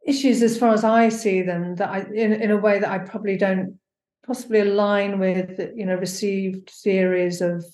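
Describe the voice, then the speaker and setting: This performance maker speaks at a moderate pace with medium pitch and fairly even intonation, her tone on the darker side. Being interviewed casually in an echoey room, she hesitates and searches for words, using many fillers.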